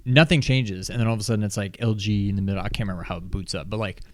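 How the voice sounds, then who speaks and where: A man's voice: fairly low pitch, very fast, dry recording. A young man co-hosting a casual gaming podcast, laid-back, giving short opinions. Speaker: podcast co-host.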